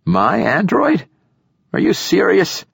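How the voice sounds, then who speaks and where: A man voicing an ancient, frail male poet who is imperious and profane, with a rasping, snappish delivery. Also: on the low side, sing-song, a little slow, no room sound, studio quality, exaggerated voice. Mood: scornful. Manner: snappish and formal.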